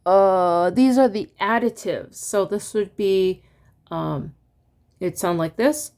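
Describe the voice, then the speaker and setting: A woman teaching an online music lesson in a relaxed, halting way, stopping now and then to sing solfege syllables. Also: mid-range voice. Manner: relaxed and halting, many ums, sings solfege syllables to demonstrate.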